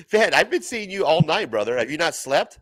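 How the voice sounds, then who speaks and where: Lively middle-aged man, laughing and swearing. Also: high-pitched. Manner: laughing often, profane, says bro and brother. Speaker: livestream host. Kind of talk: casual chat.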